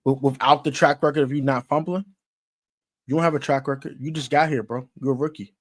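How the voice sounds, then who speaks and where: A man's voice: mid-range voice, fairly even intonation, a little fast. A man ranting about football in casual slang, emphatic and repetitive. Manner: emphatic, repetitive, gets louder as he goes. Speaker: sports commentator. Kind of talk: casual sports rant.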